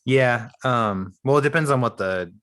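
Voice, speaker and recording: A man's voice: mid-range voice, moderate pace, no echo, clean studio sound. A man co-hosting a podcast in casual chat, explaining things at length with an easy, playful manner. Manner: relaxed, explains at length, playful mock accents. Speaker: podcast co-host.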